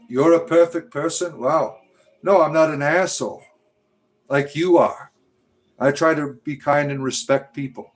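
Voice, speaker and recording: A middle-aged man hosting a casual livestream from home, answering chat in a blunt, profane, sarcastic way and sometimes drawing words out in a slow, mock-grand tone. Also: mid-range voice. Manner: slow drawn-out mock-grand delivery at times.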